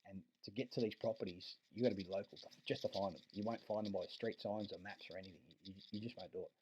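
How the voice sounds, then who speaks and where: A man's voice: on the low side, quick pace, darkish tone, highs cut off, a little hiss or hum. A man with an Australian accent telling a long, rambling story in a casual monologue, swearing freely and restarting his sentences often. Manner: rambling and profane, many restarts.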